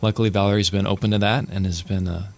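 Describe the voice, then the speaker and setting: Low, gravelly-voiced man hosting a podcast. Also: fairly even intonation, fast. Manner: joking, laughs often. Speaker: podcast host. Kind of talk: casual podcast chat.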